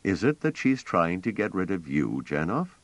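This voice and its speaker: A man voicing a blunt, direct younger man who is impatient but trying to stay calm. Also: deep voice, normal speed, dry recording. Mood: wry. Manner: direct, terse.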